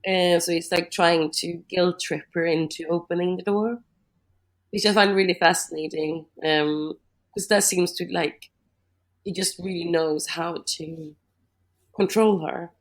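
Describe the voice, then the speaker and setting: Female co-host, lower voice, rambling casual film chat. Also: fairly even intonation, unhurried. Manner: chatty, lots of "like", thinks aloud. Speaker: podcast co-host.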